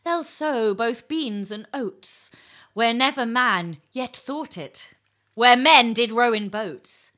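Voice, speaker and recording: A male eel declaims an old protest poem about losing his home waters, as a woman puts him on. The delivery is theatrical and sing-song, with a lively, swooping pitch. The tone is bright. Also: heavily acted. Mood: low, slow. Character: Edwin, a male lamprey eel lamenting his drained fens. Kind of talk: dramatic poem recitation.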